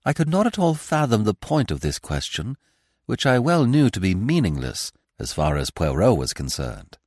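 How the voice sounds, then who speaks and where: Male audiobook narrator, lowish voice, lively pitch, dry close mic, measured storytelling. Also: no room sound. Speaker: podcast narrator. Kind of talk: audiobook reading of a classic mystery.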